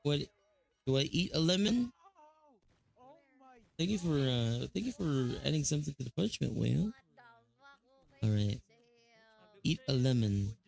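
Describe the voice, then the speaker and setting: A man's voice: mid-range voice, lively intonation, a little slow, vocal fry, long pauses, darkish tone. A man with a Filipino accent chatting casually on a live stream, rambling with lots of fillers and restarts.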